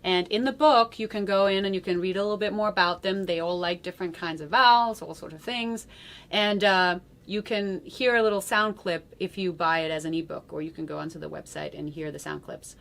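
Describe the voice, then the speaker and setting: A woman's voice: lowish voice, fairly even intonation, fairly quick, vocal fry. A woman teaching a voice lesson, explaining singing technique in a chatty way and often checking in with a questioning "yes?". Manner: sings loud vowel demonstrations.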